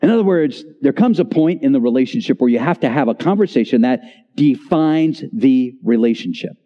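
A man in his sixties preaching a sermon in a church, with dramatic pauses and voice dropping low on key words. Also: expressive. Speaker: pastor. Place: church sanctuary. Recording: reverberant church hall, slightly dull.

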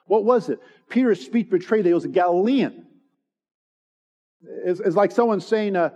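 High-voiced preacher in a reverberant hall. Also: male voice, normal speed, pauses often, a little mellow. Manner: earnest, emphatic preaching with pointed repetition. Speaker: pastor. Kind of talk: expository sermon. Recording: long hall reverb, dull lo-fi sound.

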